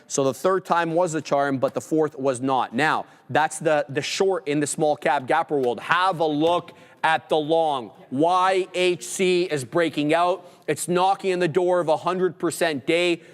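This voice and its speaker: A man hosting a live trading show, giving hyped, fast-talking market commentary full of trader slang. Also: fairly high pitch, clear, resonant tone, long reverb tail.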